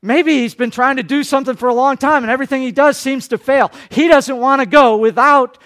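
A man preaching a sermon, swinging between loud, urgent lines and hushed, quiet ones, and briefly acting out the people he quotes. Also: very high-pitched, fairly even intonation, a little fast. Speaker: pastor.

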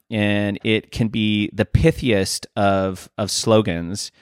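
Earnest male guest, animated storyteller, lower voice, dry close sound. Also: slow pace, few pauses, clean tone, dry recording. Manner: animated, earnest, swears casually. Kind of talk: casual storytelling.

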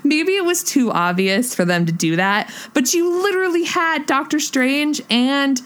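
A young woman chatting casually and excitedly about a film, gushing, with lots of "like" fillers. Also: high voice, a little slow.

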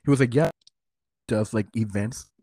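A man's voice: on the low side, moderate pace, husky, no room sound. A tipsy man co-hosting a podcast, telling stories with lots of "like," swearing and giggles. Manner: animated storyteller, frequent "like" and swearing, giggly. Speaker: podcast co-host. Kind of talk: casual chat.

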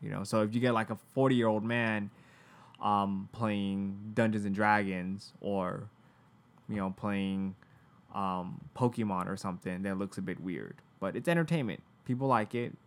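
A man's voice: lowish voice, a little slow. Chatty man telling a story. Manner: chatty storyteller, many fillers and restarts. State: in pain from a medical issue. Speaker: podcast co-host. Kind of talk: casual chat.

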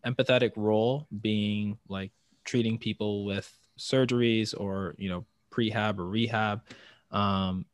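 A man with a fairly low voice co-hosting a trainers' podcast. He talks things through thoughtfully and builds toward follow-up questions. The sound is dry and close. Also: fairly even intonation, unhurried, no echo. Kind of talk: casual podcast chat.

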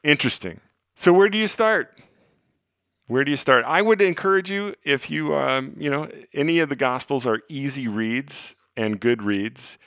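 A man hosting a podcast, teaching the Bible in an earnest, conversational way, dropping to hushed tones for emphasis. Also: mid-range voice, lively intonation, moderate pace, no echo, studio quality. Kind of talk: casual teaching talk.

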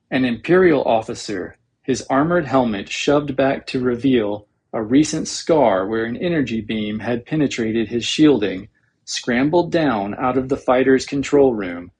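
A man reading a novel aloud as an audiobook narrator, in a measured, dramatic storytelling manner with a husky voice. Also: mid-range voice, darkish tone.

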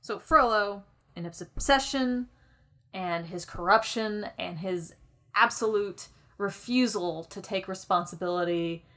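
A woman co-hosting a podcast in casual chat, enthusiastic and quick to restart her sentences. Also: medium pitch, fairly bright tone. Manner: enthusiastic, frequent restarts and stammered repeats. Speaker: podcast co-host.

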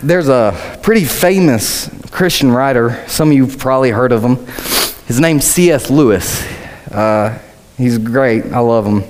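A man's voice: mid-range voice, a little slow, big-room sound, poor audio. A man preaching a sermon with earnest conviction and casual joking asides.

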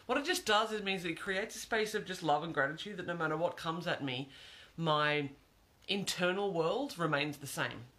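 A man's voice: on the high side, moderate pace, bright, forceful tone. A man giving an earnest, reflective monologue, repeating phrases for emphasis.

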